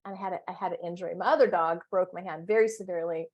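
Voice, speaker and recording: A woman coach telling stories in a casual interview chat, playful and animated, with big exclamations. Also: fairly low pitch, racing, lo-fi sound.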